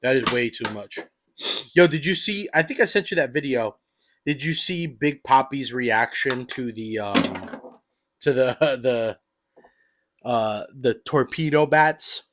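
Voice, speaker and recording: A man's voice: mid-range voice, lively intonation, a little slow, background noise. A man co-hosting a podcast in casual, swearing chat with a buddy, laughing often. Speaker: podcast co-host.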